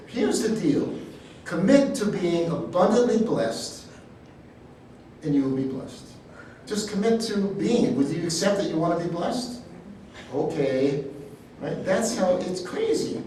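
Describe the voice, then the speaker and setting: A man teaching a sermon, telling personal stories in a folksy, animated way. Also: a little high, a little hiss or hum. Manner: storytelling, animated, folksy asides. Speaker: healing ministry teacher. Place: church hall. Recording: echoey hall, speaker far from the mic.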